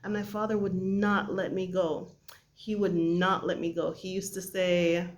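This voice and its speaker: A middle-aged woman from Jamaica telling a personal family story in an earnest, halting way with many pauses. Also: on the low side, level tone. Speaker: vlogger.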